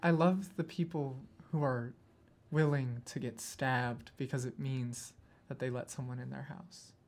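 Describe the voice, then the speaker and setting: A player in a tabletop role-playing game, speaking sincerely in character with halting pauses. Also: medium pitch, steady tone, a little mellow.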